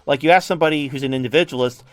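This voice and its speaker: A man's voice: medium pitch, racing, dry recording. Blunt, profane American man explaining politics. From United States. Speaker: political commentator. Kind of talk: casual explanatory talk over a shared chart.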